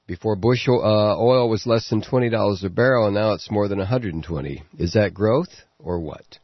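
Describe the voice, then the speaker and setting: A man hosting a political talk radio show, delivering a sarcastic commentary monologue with frequent halting fillers. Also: fairly low pitch, dry recording, dull audio.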